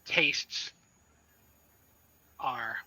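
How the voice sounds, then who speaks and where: A man's voice: very slow, bright, forceful tone, no echo, full character voice. A man playing a sullen, hideous male vampire who guards his alley, speaking in a surly, scornful way.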